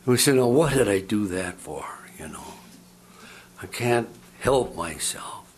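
Older male pastor, halting storytelling sermon. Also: on the low side, expressive. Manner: halting, repeats words, conversational storytelling.

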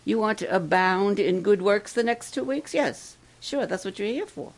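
A woman giving a devotional talk to campers and adults, asking the crowd questions and slowing down to stress key words. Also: mid-range voice, animated, gravelly, poor audio. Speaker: camp speaker.

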